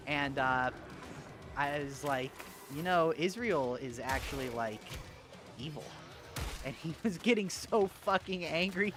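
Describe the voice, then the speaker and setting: A man's voice: on the high side, measured pace, over music. A young man streaming a game, chatting casually with his chat, joking and swearing and laughing at his own bits. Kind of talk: casual gaming livestream chat.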